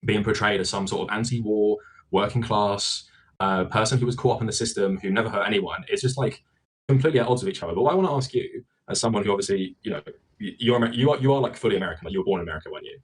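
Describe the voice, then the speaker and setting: A man's voice: fairly low pitch, racing, husky, rough recording. A man interviewing a guest, explaining at length with many fillers. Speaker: interviewer in a played clip. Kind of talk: conversational interview.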